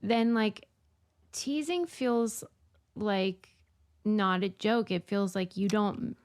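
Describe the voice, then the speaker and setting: A woman's voice: medium pitch, slow pace. A woman co-hosting a podcast, talking candidly and reflectively in casual chat, swearing now and then. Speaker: podcast co-host.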